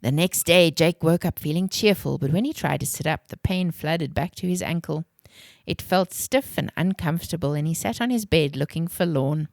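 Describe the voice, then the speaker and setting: A woman reading a children's adventure novel aloud in a calm, clear storybook manner. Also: deep voice, moderate pace, dry recording, clean studio sound.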